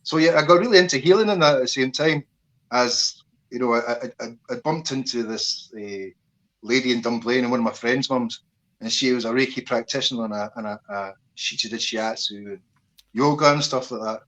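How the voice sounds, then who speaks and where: A Scottish man and army veteran, talking as an interview guest in a casual, animated storytelling way, swearing freely and acting out voices. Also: medium pitch, brisk, poor audio.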